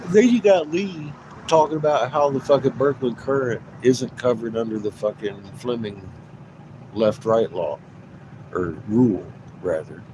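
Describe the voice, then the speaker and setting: A man's voice: mid-range voice, unhurried, noisy background. A man livestreaming a rambling, profane rant, swearing constantly, repeating himself and laughing between points.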